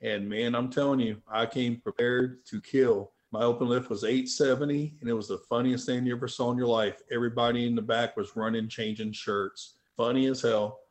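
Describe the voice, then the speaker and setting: A man in a casual interview, telling a story in an animated, profane way, swinging from low mutters to loud outbursts. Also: brisk, few pauses. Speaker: guest.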